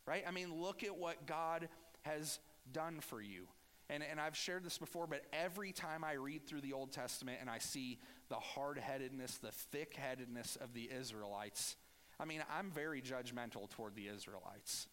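Guy preaching, chatty, does sarcastic voices, slightly high voice, big echoey hall. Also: normal speed, a bit bright. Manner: conversational preaching with sarcastic acted-out asides. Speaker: pastor. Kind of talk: sermon.

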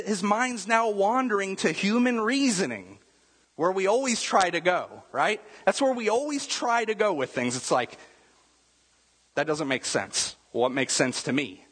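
A pastor with a slightly high, husky voice preaching in a relaxed, conversational way. He keeps tossing rhetorical questions at the congregation, and his words ring out through a long, echoing hall. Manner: casual, rhetorical asides with frequent "right?". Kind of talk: conversational sermon.

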